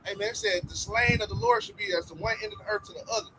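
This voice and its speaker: Very high-voiced man reading scripture. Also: wildly swooping pitch, gravelly, background noise. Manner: slow, deliberate reading with hesitations. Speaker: scripture reader.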